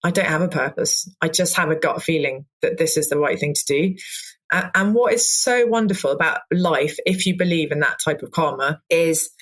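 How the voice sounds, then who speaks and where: A woman in her forties talks openly as a podcast guest, her voice sitting a little low. She rambles, restarts her sentences and acts out little quoted exchanges as she goes. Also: moderate pace, fairly bright tone. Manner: open, rambling, with many restarts and quoted asides. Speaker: guest cook. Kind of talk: candid podcast interview.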